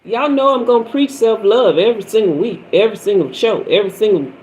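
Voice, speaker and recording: A woman's voice: mid-range voice, quick pace, darkish tone, rough recording. Preachy woman in her fifties. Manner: preachy, storytelling, repetitive emphasis. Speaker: tarot reader and spiritual teacher. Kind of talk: livestream talk.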